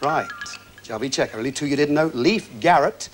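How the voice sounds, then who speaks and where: A game show host in a television studio with an audience reads quiz questions and jokes with contestants in a breezy, easygoing patter. His fairly high voice is animated and a little fast, with soft music playing in the background.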